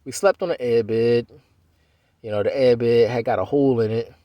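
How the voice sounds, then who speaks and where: A man in his forties tells his own story in a loose, wandering way, circling back with "you know" and half-finished starts. His voice sits at an ordinary middle pitch, recorded close and dry with no room around it. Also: fairly even intonation, normal speed, no echo, muffled recording. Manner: loose, conversational, full of "you know" and restarts. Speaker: Navy veteran telling his life story. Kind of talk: rambling personal storytelling.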